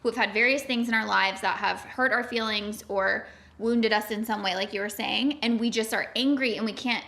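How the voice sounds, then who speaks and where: Chatty woman with a higher voice. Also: steady tone, normal speed, vocal fry, fairly bright tone. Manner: chatty, self-deprecating, many fillers. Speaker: podcast co-host. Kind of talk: casual chat.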